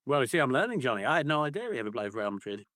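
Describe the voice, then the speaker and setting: A man's voice: medium pitch, very animated, rapid-fire, a bit bright, no echo, clean studio sound. A man co-hosting a casual football podcast, ranting playfully and swearing freely. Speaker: podcast co-host.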